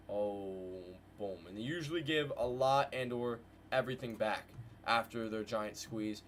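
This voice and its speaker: A man hosting a live trading stream, calling market moves to his viewers in a hyped, slangy way and repeating phrases in quick bursts. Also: medium pitch. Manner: hyped, slangy, talks to chat with "guys" and "bro". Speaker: trading livestream host. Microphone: desk mic with headphones.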